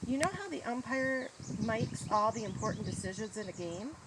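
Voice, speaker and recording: A woman voicing a kindly male team coach who speaks gently, like a teacher. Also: a little high, animated, moderate pace, natural voice. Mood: gentle. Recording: noisy outdoor recording.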